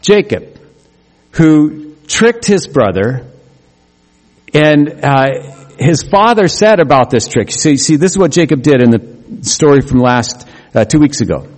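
Pastor preaching in an echoey hall. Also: male voice, a little high, expressive, a little mellow. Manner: conversational and humorous, with quick asides. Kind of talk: sermon. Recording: echoey hall with long reverb.

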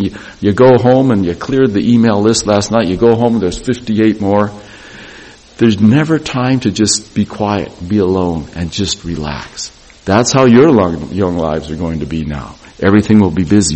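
A man's voice: on the low side, darkish tone, slightly rough, rough recording. A middle-aged man giving an earnest devotional address to young graduates, repeating phrases for emphasis.

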